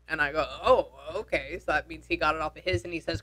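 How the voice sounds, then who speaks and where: A woman's voice: low voice, a little fast, few pauses, sharp tone. A woman working as a psychic medium, talking casually with clients and relaying what she hears in a chatty way, with slang and the odd swear word. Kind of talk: casual session talk.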